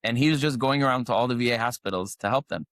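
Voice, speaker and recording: A man's voice: mid-range voice, quick pace, fairly bright tone, no room sound. A man co-hosting a podcast, chatting casually and telling a rambling story full of fillers and restarts. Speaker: podcast co-host. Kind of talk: casual chat.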